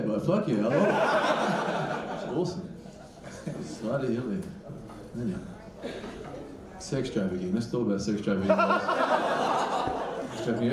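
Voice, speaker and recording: A man from Iraq doing a brash, crude stand-up set on a comedy club stage. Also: medium pitch. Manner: brash, crude, animated delivery. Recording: echoey room, distant mic.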